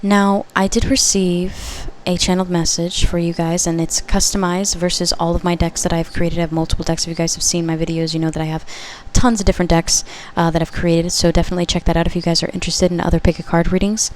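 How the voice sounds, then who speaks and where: A woman with a slightly low voice talks viewers through a pick-a-card tarot reading. Her delivery is relaxed and chatty, with frequent "okay?" check-ins and quick self-corrections. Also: slight background noise. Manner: conversational, frequent checks like "okay?", corrects herself mid-sentence. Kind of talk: pick-a-card collective reading, casual spoken.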